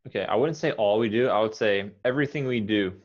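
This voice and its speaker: A man with an American accent, teaching pronunciation and patiently modelling words slowly, one at a time. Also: fairly low pitch. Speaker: English teacher. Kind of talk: pronunciation coaching. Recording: dull lo-fi audio.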